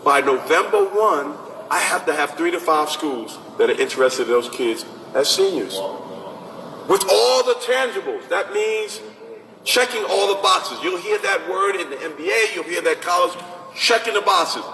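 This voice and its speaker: A man with a bright, somewhat high voice speaks lively and conversationally to a room of parents, taking their questions. He is heard from a distance in a large, echoing hall with a long reverb tail and a faint hum of noise behind him. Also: moderate pace, creaky. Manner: animated and conversational, acts out parents and coaches. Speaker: basketball recruiting advisor speaking to parents. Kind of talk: informal talk to an audience with questions.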